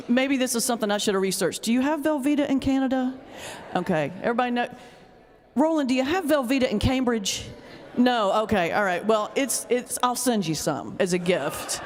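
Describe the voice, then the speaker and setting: A woman's voice: a little high, animated, normal speed. Joking woman in a reverberant hall. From North Carolina, US South. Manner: joking storyteller, teasing the audience. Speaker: ordained minister giving a lecture. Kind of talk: humorous lecture with stand-up comedy. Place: large hall before a live audience. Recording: long reverb of a lecture hall.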